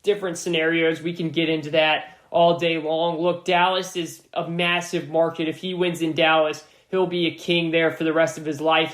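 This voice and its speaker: A man's voice: high voice, a bit bright, echoey room. A man hosting a sports podcast alone, giving emphatic commentary and often repeating himself for stress.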